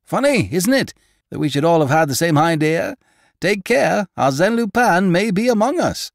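A man voicing an excited young male reporter in an audiobook. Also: sits high, moderate pace, vocal fry, no room sound, studio quality, voice pushed up, exaggerated voice.

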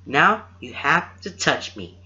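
A man's voice: on the high side, very animated, takes it slowly, pushed and bright, voice pushed up, full character voice. A man voicing a cocky young man with a smug, playfully taunting manner, in a dull lo-fi recording. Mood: smug teasing.

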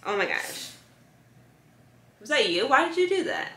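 A woman's voice: sits high, very animated, unhurried. Young female vlogger, casual and chatty, echoey home room. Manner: chatty, coaxing softly with her dog. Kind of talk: casual chat to camera.

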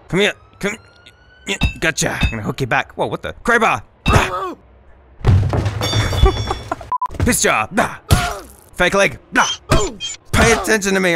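A man doing loud, excitable, profane gameplay commentary, taunting enemies as he plays. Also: sits high, creaky. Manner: loud, excitable, swearing, trash-talking. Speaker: gaming YouTuber.

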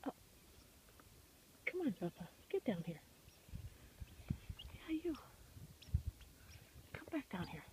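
A woman outdoors in a forest, softly coaxing a small animal with sing-song baby talk and whispers, recorded on a handheld camera. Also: mid-range voice, sing-song, slow, long pauses. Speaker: vlogger feeding a wild animal. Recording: noisy outdoor camera audio.

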